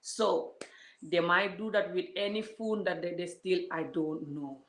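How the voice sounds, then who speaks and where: Speaking a little slowly in a low, steady voice, a woman vlogger delivers a heated, scolding rant aimed right at her viewers. It's casual talk, recorded with a roomy echo.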